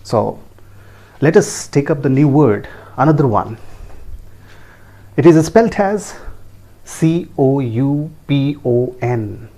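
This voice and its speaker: A man with an Indian English accent gives a pronunciation lesson in a warm, mellow voice. He spells words out letter by letter and repeats each key word. He keeps checking in with his listeners through bright, rising questions. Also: mid-range voice, lively intonation, slow, pauses often.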